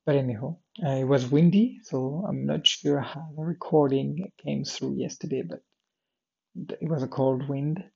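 A man's voice: medium pitch, moderate pace, creaky, dark tone, slightly rough, highs cut off. A tired, yawning man talking through his day in a rambling diary style, full of fillers and restarts. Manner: meandering, many fillers and restarts, drifts off topic. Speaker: vlogger recording a daily audio diary. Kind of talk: rambling personal diary talk.

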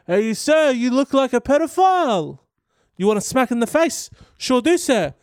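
A man's voice: very high-pitched, sing-song, normal speed, smooth, dry recording, studio quality, pitched above the performer's own voice, full character voice. A man voicing a cheeky, taunting teenage boy student in a raised voice. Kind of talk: comic impression in a commentary video.

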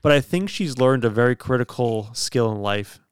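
A young man hosting a podcast, his voice smooth and resonant, close to a dry mic with no room sound. He chats casually, rambling through stories and laughing often as he jokes with his co-hosts. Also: medium pitch, animated, moderate pace, dry recording. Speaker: podcast host. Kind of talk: casual chat.

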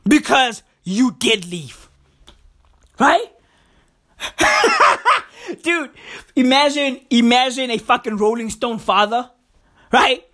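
Speaking slowly in a slightly high, fairly bright voice, a woman hosts a podcast. Her freestyle comic monologue rambles and swears, and she calls the listener "bruv" again and again.

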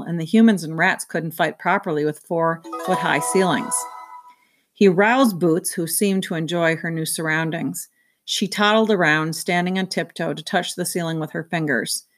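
A woman reading a children's novel aloud, in a steady storytelling manner. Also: on the low side. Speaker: reader. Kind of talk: children's book read-aloud.

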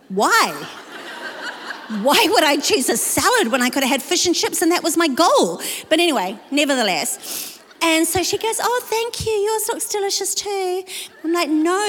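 High-voiced New woman preaching. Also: fairly bright tone. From New Zealand. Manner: chatty, self-deprecating asides to the audience. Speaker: pastor. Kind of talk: storytelling sermon. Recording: long hall reverb.

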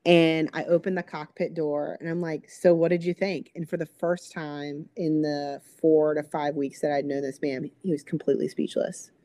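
Animated woman telling a story, warm low voice. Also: moderate pace, few pauses, no room sound. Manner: animated, acts out quoted voices, many "like" fillers. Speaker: guest, recreational therapist. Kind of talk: emotional storytelling in an interview.

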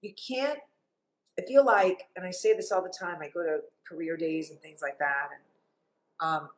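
A woman's voice: fairly low pitch, moderate pace, rough recording. A middle-aged woman from Cuba, a TV journalist, talking emphatically as a guest in an interview. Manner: animated, emphatic storyteller. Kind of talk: interview conversation.

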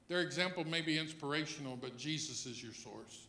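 A man preaching a sermon as pastor, moving between quiet reflection and loud emphatic passages. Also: on the high side, a little fast, echoey room.

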